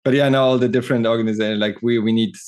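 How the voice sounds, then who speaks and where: A man's voice: mid-range voice, fairly even intonation, very fast, a little mellow, clear, resonant tone. A man, a native German speaker, hosting a casual movie club chat and rambling through his film theories with many restarts.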